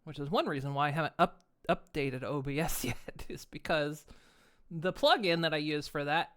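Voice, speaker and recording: A woman's voice: low voice, normal speed. A woman streaming live, chatting casually and playfully, laughing often and hamming up her expressions. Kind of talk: casual livestream chat.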